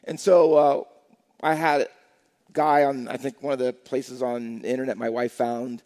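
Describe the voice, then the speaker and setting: A pastor telling a story and preaching with emphasis. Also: male voice, mid-range voice, flat delivery, moderate pace, a little mellow, long reverb tail. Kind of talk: sermon.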